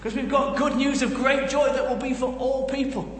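A man with a Northern English accent preaching a comic sermon, telling jokey stories with lively asides. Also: extremely high pitch, moderate pace, roomy sound, in a large hall. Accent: generic Northern English. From Northern England. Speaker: guest preacher and comedian. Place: church.

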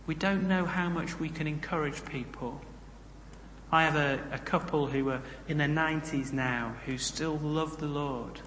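A man's voice: fairly high pitch, fairly even intonation, a little slow, a bit bright, slight background noise. A man preaching a sermon in a conversational way, with humorous asides. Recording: echoey hall, roomy reverb.

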